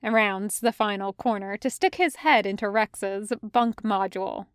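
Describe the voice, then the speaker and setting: A woman reading fan fiction aloud as a podfic narrator, in a measured storytelling manner. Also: mid-range voice, clear, resonant tone, dry recording, clean studio sound. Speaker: podfic reader.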